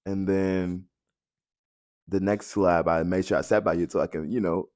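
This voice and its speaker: Young man, podcast host, loud, outgoing, low-ish voice, casual chat full of fillers. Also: fairly even intonation, normal speed. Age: young adult.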